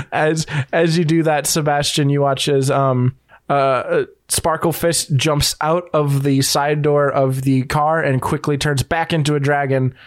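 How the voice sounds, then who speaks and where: A man's voice: a little high, fairly even intonation, measured pace, dry recording, clean studio sound. A young man as game master, narrating a tabletop game in a rambling, joking way with many hesitations.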